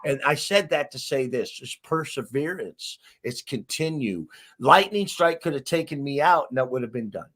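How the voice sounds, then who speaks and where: A middle-aged man from Arkansas, a basketball coach, telling stories as an interview guest in an emphatic, animated way. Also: mid-range voice, moderate pace. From Arkansas, USA. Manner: emphatic, animated storyteller who acts out quotes. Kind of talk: storytelling in an interview.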